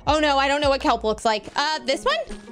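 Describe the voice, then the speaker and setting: A young woman with a very high voice gives bubbly, gushing commentary while she plays a game. Her pitch leaps and swoops all over as she coos at the animals on screen, with music running behind her. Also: big pitch swings, a little fast, a bit bright. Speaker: gaming channel host. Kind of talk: playing a video game with live commentary. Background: background music.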